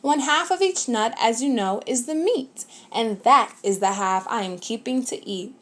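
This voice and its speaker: A pushy, sneaky little male bug who snaps orders and gloats over his bargain, as a woman reading a storybook puts him on. The voice sits high and sharp above a plain reading tone, quick to boss and crow. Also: lively intonation, lightly acted. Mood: gloating. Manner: bossy, gloating, snappish. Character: sneaky bossy male beetle, small, greedy. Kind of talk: storybook read-aloud.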